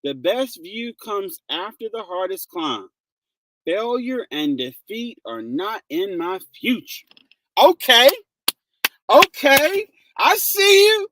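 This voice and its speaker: A man's voice: very high-pitched, big pitch swings, slow, bright, forceful tone, dry recording. A man hosting a casual livestream, greeting viewers by name and laughing often. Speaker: livestream host.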